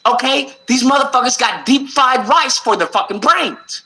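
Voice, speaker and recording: A man's voice: extremely high pitch, expressive, normal speed, bright, forceful tone, rough recording. Furious profane man ranting at callers. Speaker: call-in show host. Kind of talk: heated call-in livestream argument.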